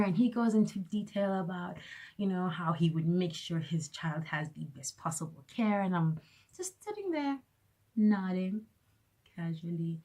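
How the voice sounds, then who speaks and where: A young woman talks straight to her viewers in a casual vlog rant, her voice sitting a little low. She tells her stories with exasperated sarcasm and slips into mocking voices when she quotes other people. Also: expressive, measured pace, darkish tone, husky. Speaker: vlogger.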